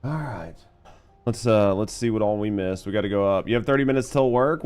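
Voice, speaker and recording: A man's voice: fairly low pitch, fairly quick, darkish tone, clear, resonant tone. A man hosting a live game stream, chatting casually and thanking viewers by name.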